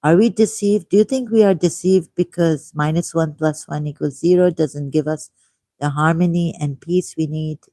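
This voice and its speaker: A man with a Pakistani accent hosting a livestream, reading a text aloud at a deliberate pace with musing asides and repeated key words. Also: a little high, warm tone, no room sound. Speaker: livestream host.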